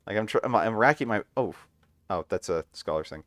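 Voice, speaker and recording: A man chatting casually with his wife while they play an online game at home, making wry deadpan jokes. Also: lowish voice, fast talker, dry recording. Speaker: gamer playing with his wife. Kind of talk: casual let's-play chat.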